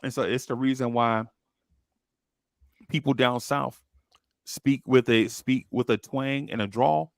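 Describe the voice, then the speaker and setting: Gravelly man in rambling casual chat. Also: mid-range voice, fairly even intonation, a little slow, pauses often, dry recording, clean studio sound. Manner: rambling, repeats words while thinking. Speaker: podcast co-host.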